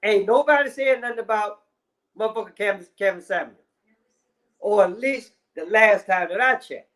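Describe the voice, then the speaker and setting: Man, very high pitch, profane rant, repetitive, casual commentary. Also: normal speed, fairly bright tone. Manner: repetitive, swearing, filler-heavy.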